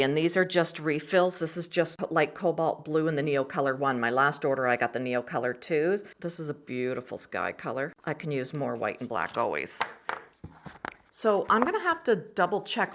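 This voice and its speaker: A woman's voice: sits low, background noise. A middle-aged woman hosting a casual art vlog, chatting with enthusiasm and murmuring to herself as she tests pencils and paint. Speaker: art channel host.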